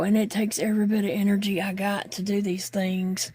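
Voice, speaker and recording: A woman's voice: medium pitch, flat delivery, moderate pace, hardly any pauses, mellow, slightly rough, no room sound. A woman vlogging while crafting, chatting candidly and rambling with fillers, sounding tired and short of breath. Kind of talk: casual chat while crafting.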